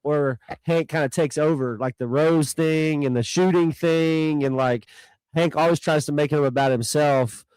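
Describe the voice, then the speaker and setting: A man's voice: on the high side, steady tone, measured pace, darkish tone, clear, resonant tone, no room sound, poor audio. A man co-hosting a podcast who talks through ideas in a thoughtful, rambling way and chuckles now and then. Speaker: podcast co-host. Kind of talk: casual chat.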